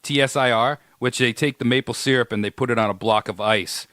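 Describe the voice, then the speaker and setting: A man's voice: mid-range voice, brisk, a bit bright, dry recording. Easygoing New England podcast guy. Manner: easygoing storyteller. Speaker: podcast co-host. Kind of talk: casual chat.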